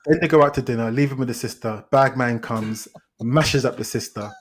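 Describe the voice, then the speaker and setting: A man retelling a film plot in casual podcast chat, animated and exasperated, with frequent restarts. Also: mid-range voice, brisk, slight background noise. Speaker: podcast host, film reviewer.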